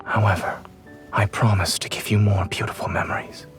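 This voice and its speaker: A man voicing a gentle, reserved male love interest in a video game, speaking softly and tenderly. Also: flat delivery, a little fast, faint music behind, close to an everyday voice. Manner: soft, low, tender.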